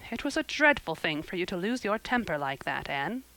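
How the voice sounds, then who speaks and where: A woman's voice: lowish voice, sing-song, fairly quick, bright, forceful tone, exaggerated voice, poor audio. A woman reading an audiobook, voicing a stern, dry-witted middle-aged guardian woman who speaks in a dry, reproving way.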